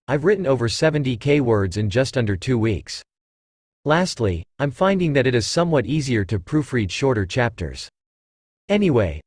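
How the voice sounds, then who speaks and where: A man's voice: mid-range voice, a little mellow, dry recording, studio quality. A man narrating a fanfiction story, chatting briefly before reading. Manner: chatty author's notes, then plain narration.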